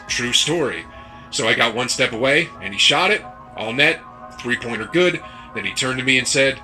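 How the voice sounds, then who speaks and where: A former basketball player tells a story from a game in an interview. He speaks plainly and matter-of-factly, in a very bright voice. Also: medium pitch, animated, moderate pace, soft background music, rough recording. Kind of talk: interview anecdote.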